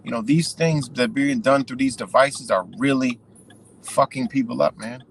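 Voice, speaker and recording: A man's voice: mid-range voice, normal speed, breathy edge, low-quality recording. A man giving a profane, rambling unscripted monologue, full of "you know" and "man".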